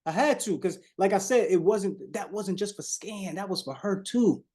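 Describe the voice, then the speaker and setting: A man's voice: high-pitched, moderate pace, darkish tone. A man with leading a live online sales coaching call, preachy and repetitive, often addressing the audience as y'all and shifting his tone on purpose.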